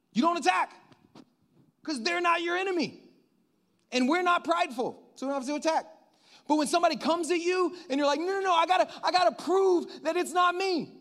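A man preaching a sermon in an animated way, swinging from hushed tones to loud shouts and acting out voices. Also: extremely high pitch. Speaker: pastor.

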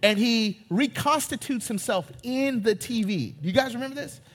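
A male pastor preaching an animated, joking sermon to a congregation in a church. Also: very high-pitched, moderate pace, in a large hall. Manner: animated, joking, retells scenes in character voices. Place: church sanctuary.

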